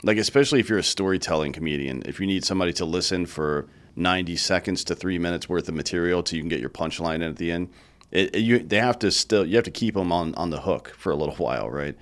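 Low-voiced rambling podcast host. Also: male voice, quick pace. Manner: profane, rambling riffing. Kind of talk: casual podcast chat.

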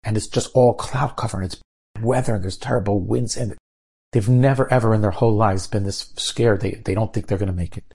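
A male rabbi tells a sermon story with lively pacing and acted-out quotes. His voice is low and warm, with a slightly husky edge. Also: brisk.

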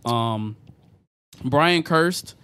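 A man's voice: mid-range voice, lively intonation, drawn-out words, pushed and bright, smooth. A young man hosting a podcast, talking casually and leaning on fillers. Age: young adult. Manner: laid-back, many fillers, laughs along. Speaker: podcast host. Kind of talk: casual group chat.

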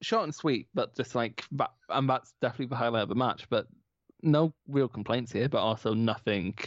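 A man's voice: mid-range voice, fairly quick, no echo. A young Scottish man co-hosting a casual podcast, defensive and self-mocking, laughing often. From Scotland. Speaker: podcast co-host. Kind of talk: casual chat. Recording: dry, slightly dull mic.

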